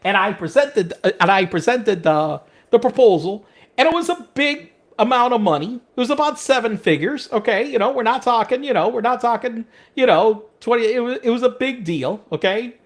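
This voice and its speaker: Animated, lively-pitched middle-aged man. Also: normal speed. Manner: animated, profane, acts out quoted speech; stammering restarts. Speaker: podcast co-host. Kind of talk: casual chat.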